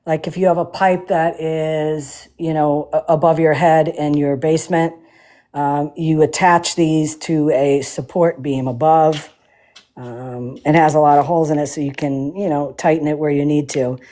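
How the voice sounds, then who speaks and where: With a low, mellow voice and a steady tone, she talks at a measured pace. She hosts a relaxed livestream while refinishing furniture, peppering her speech with fillers and laughing playfully.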